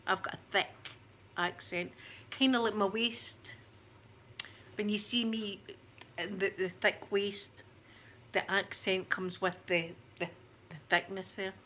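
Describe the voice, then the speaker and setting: A woman's voice: mid-range voice, steady tone, takes it slowly, pauses often, bright, forceful tone, slight background noise. A woman in her forties with a thick Scottish accent, chatting to her camera in a rambling, self-mocking way. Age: 40s. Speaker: YouTuber.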